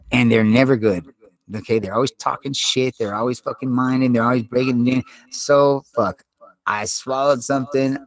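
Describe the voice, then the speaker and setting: Young guy on a home desk mic, mid-pitched, loose and foul-mouthed, rambles in street slang with lots of "dude.". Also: low-quality recording. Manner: rambling, profane, streetwise, says "dude" a lot. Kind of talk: casual monologue vlog. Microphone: desktop USB microphone.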